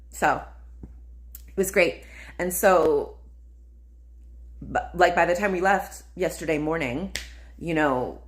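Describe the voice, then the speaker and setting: A woman hosting her own podcast, telling a personal story in a dreamy, gushing way, full of "like" and "um". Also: sits low. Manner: dreamy, gushing, lots of likes and ums. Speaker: podcast host.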